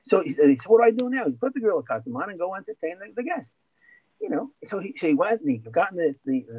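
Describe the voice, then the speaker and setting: A man's voice: a little high, mellow, breathy edge, dry recording. A man hosting an event, telling a joke and introducing a speaker, rambling with many fillers and restarts. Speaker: event host. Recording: dull, dry sound.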